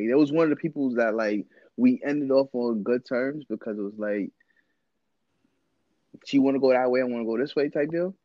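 A man's voice: medium pitch, a little mellow. A man tells a story to friends in loose, slangy talk and acts out the voices as he goes. The recording is dull and lo-fi, and it sounds dry with no room echo. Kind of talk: casual storytelling chat.

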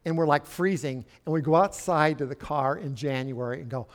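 An older male pastor preaches in a church with a relaxed, folksy manner. His voice sits a bit higher than most men's. He often turns to the congregation with chatty asides. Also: moderate pace. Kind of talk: sermon.

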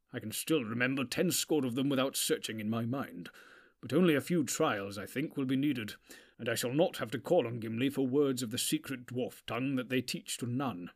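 A man's voice: medium pitch, close to an everyday voice. Gandalf, a man doing a stern old wizard. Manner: commanding and testy. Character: old male wizard, stern, proud, quick-tempered.

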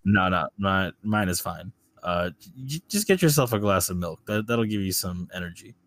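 A man voices his character in a tabletop game with a casual, halting delivery, often starting his sentences over. His voice is deep. The recording is dry and close. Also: expressive, fairly bright tone, no echo. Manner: hesitant, restarts phrases, casual. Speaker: player.

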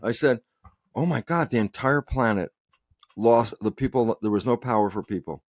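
An American guest scientist talks passionately in an interview, animated and emphatic and often quoting himself. His voice is medium-pitched at a moderate pace, and the sound is close and dry with no room echo.

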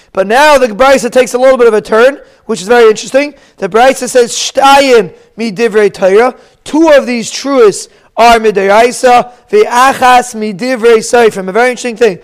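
Man, high clear voice, Ashkenazi Hebrew pronunciation, explanatory Talmud teacher. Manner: explanatory, mixes Hebrew and Aramaic terms with English. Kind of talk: Talmud lesson, translating Aramaic and Hebrew phrases.

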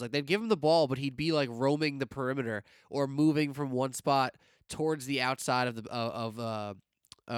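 A man co-hosting a sports podcast, talking casually and incredulously, quick to laugh. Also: medium pitch, smooth, dry recording, studio quality. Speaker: podcast co-host.

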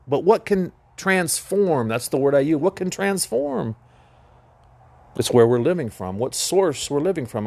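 A man's voice: on the high side, big pitch swings, normal speed, no echo. A man hosting a Christian teaching podcast, talking in an earnest, emphatic preaching manner. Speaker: podcast host.

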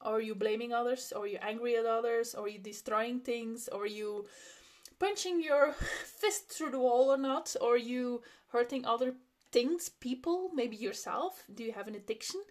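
Young woman, solo podcast host, a little high-voiced, candid and reflective, laughs easily. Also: moderate pace. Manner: open, personal, laughs often, many restarts.

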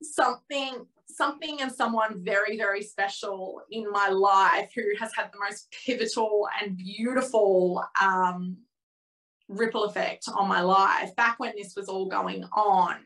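Bright-voiced woman telling a candid story. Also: medium pitch, fairly even intonation, unhurried, low-quality recording. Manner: frank and emotional, peppered with fillers and swearing. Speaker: podcast guest.

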